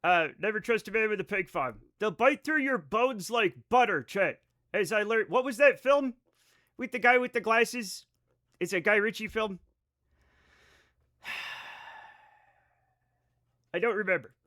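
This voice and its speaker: Male streamer, high bright voice, loose rambling chat to viewers, casual swearing. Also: animated, a little slow, pauses often. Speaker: livestreamer. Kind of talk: casual live-stream chat over gameplay.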